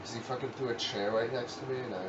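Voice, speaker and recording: A man's voice: mid-range voice, fairly even intonation, quick pace, slight background noise. Man tossing in crude jokes from afar. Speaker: podcast co-host. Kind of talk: casual chat. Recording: distant, muffled mic with voices behind.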